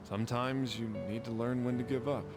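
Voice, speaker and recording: A man's voice: medium pitch, little pitch movement, fairly quick, natural voice. An actor playing a blunt, jaded male surgeon who speaks in a curt, cold, matter-of-fact way. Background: game music.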